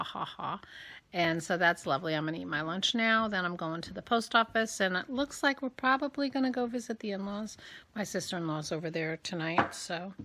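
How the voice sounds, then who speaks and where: Bright-voiced woman chatting through her day. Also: mid-range voice. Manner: chatty, self-mocking, thinking aloud. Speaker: vlogger. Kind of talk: casual vlog narration. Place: home kitchen.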